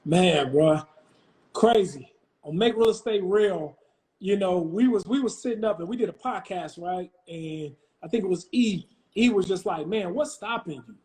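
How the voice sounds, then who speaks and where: A man's voice: sits high, normal speed, darkish tone, poor audio. A man talking as a real estate investor guest in a casual live-stream chat, emphatic and slangy, repeating his phrases. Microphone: phone on a live stream.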